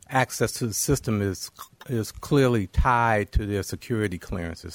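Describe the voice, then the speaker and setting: Low-voiced man, careful government panelist. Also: no echo. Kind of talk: panel discussion.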